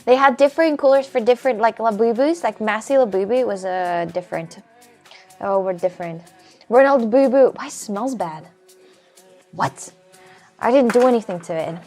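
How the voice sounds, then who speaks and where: A woman's voice: on the high side, moderate pace, darkish tone, soft background music. A woman with a Russian accent chatting casually on a live stream from home, rambling and often stumbling over and repeating her words.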